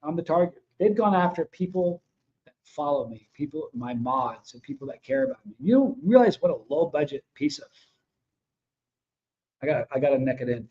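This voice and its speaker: A man's voice: on the high side, very animated, normal speed. A man hosting his own livestream, talking casually and bluntly to his viewers in a fired-up, confrontational way. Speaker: host of a livestream show. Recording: dull lo-fi sound.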